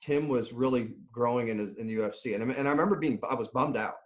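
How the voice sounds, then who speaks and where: In a casual interview, a middle-aged man who coaches nutrition and strength talks fast in a mid-range voice. His storytelling is lively, broken up by laughter and frequent restarts.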